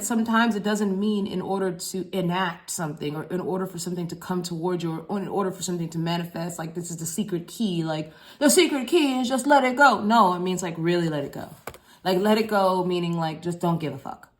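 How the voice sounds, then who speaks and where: A woman's voice: on the low side, brisk. A woman giving a casual collective tarot reading, talking in a loose, rambling, slangy way with frequent swearing and repeated phrases. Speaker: tarot reader.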